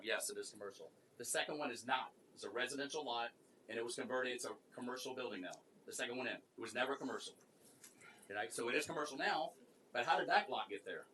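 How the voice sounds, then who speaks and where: A man's voice: mid-range voice, slight background noise. A male county commissioner arguing with rising passion in a public board meeting. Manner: impassioned, rising to forceful protest.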